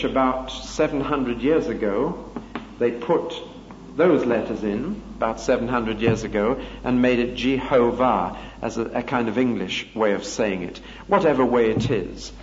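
An older man preaching an expository Bible sermon, deliberate and emphatic, slowing down to stress key phrases. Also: medium pitch, a little hiss or hum. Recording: dull lo-fi recording in a reverberant hall.

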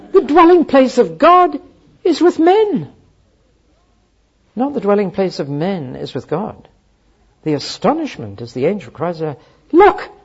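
Male preacher, husky, lively Bible teaching with loud exclamations, muffled lo-fi sound. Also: medium pitch. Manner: animated, swings from quiet asides to exclamations. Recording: dull lo-fi recording.

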